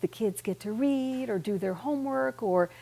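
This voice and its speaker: A woman's voice: a little high, normal speed, gravelly, warm tone. A woman hosting a local TV talk show, effusive and complimentary, chatting with her guest. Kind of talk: casual interview chat. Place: local TV studio.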